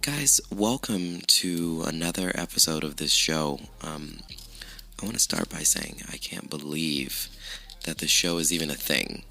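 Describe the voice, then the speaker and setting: A man hosting his own podcast, chatting casually with lots of swearing and self-mockery, his voice rough with morning allergies. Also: very deep voice, a little slow, bright, forceful tone. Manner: chatty, profane, self-mocking. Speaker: podcast host. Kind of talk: casual solo podcast chat.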